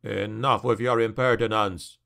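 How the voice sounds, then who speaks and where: A man voicing a gruff, hot-tempered male dark elf warrior who growls his lines, in a fantasy audiobook. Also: lowish voice, fairly even intonation, unhurried, voice pushed down, exaggerated voice.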